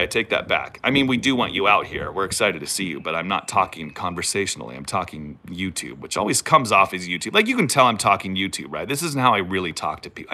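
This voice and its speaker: A man's voice: on the low side, sharp tone. A middle-aged man hosting a casual live stream, rambling and teasing himself as he reads viewer comments aloud. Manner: chatty and self-teasing, rambling asides.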